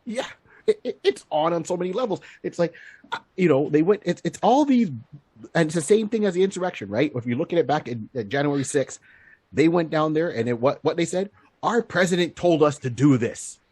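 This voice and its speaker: A man with a husky voice that sits a little high jokes around on a comedy podcast. His pitch swings widely as he acts out quotes and laughs often. The sound is dry and close, with no room echo. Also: expressive, fairly quick, a little mellow. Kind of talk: casual comedic banter.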